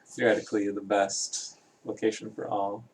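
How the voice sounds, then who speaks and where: A man with a low, gravelly voice chats loosely on a home livestream. His talk is relaxed and rambling, picked up by a camera mic with a noisy room behind him. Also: moderate pace. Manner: relaxed, rambling, chuckling asides. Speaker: stream caster. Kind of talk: casual livestream chat. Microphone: computer camera mic.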